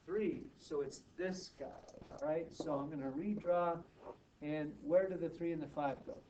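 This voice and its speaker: A man teaching math to students, brisk and teasing, often checking in with quick questions. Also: a little high, mellow. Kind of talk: classroom tutoring. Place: classroom. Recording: distant, muffled, noisy classroom recording.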